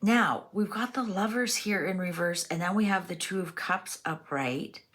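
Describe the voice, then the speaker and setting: A woman's voice: fairly low pitch, moderate pace, fairly bright tone. A woman doing a chatty tarot reading, musing aloud with lots of fillers as she turns over cards. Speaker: tarot reader. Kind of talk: casual tarot reading monologue.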